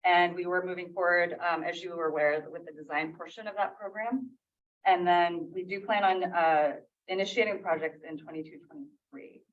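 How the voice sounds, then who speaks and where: A woman's voice: fairly low pitch, normal speed. A woman on library staff giving an informal update at a public meeting, correcting herself as she goes. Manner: casual, self-correcting, laughs off slips. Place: meeting room. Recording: distant, dull lo-fi meeting audio.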